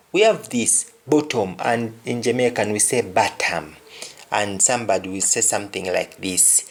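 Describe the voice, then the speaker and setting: A man gives a language lesson at a very unhurried pace. He says every example phrase two or three times before he translates it. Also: medium pitch. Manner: repeats each example phrase several times, then translates it. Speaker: language teacher. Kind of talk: slow spoken lesson with spoken examples.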